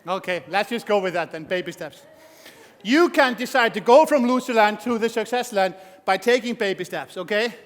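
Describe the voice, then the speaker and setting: High-voiced male speaker in an echoing hall. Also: normal speed. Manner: energetic, shouts to rouse the crowd, acts out voices. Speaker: motivational speaker. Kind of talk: motivational stage talk. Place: large conference hall. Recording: long hall reverb.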